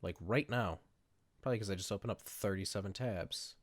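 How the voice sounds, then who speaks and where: A man's voice: low voice, a little fast, no room sound. A man giving casual, rambling gameplay commentary at his computer setup. He talks in a chatty, self-mocking way. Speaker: gaming video creator.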